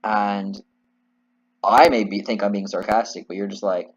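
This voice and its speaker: A man's voice: fairly low pitch, steady tone, normal speed, breathy edge, highs cut off. A man giving casual, rambling and candid commentary while playing a video game, swearing freely. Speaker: video game let's player.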